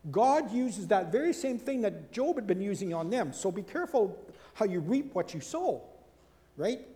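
A man preaching a sermon in a chatty, animated way, acting out the people he quotes and tossing in asides and rhetorical questions. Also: normal speed. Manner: animated, acts out quoted speakers with big swings in pitch and loudness. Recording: long hall reverb.

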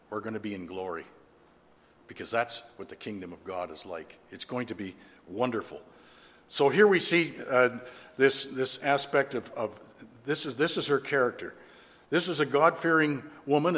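A man of middle pitch preaches in a church, first reading verses aloud, then talking them through in an earnest, conversational way. His voice carries a long, ringing reverb from the large room around him. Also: fairly bright tone. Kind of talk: scripture reading and expository sermon.

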